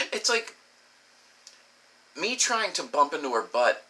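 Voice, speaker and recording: A middle-aged man telling a crude personal story, animated and swearing freely. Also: on the high side, slow. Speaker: comedic storyteller.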